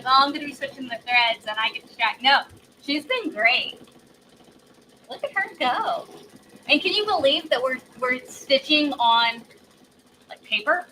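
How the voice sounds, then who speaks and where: A woman's voice: sits high, sharp tone, slight background noise, poor audio. A woman hosting a live embroidery demo, chatty and gushing, laughing often and sounding a little congested. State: congested, says she is on cold medicine. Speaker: host demonstrating embroidery. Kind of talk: casual live demo chat.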